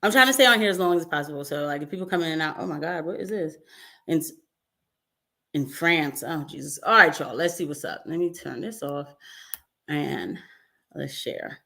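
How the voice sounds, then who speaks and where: Young woman livestream host, slightly low voice, chatty and animated, laughs often and talks to her viewers in asides. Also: moderate pace, gravelly. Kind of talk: casual political commentary livestream.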